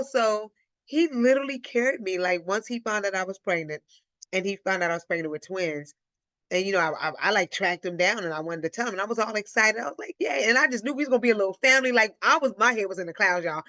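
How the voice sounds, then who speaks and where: A woman from Illinois hosting a live Q&A, telling a personal story in a casual, animated way and acting out the voices she quotes. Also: mid-range voice, a little fast, no room sound. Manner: animated, acts out quoted voices, addresses listeners as y'all. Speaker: host of a live Q&A.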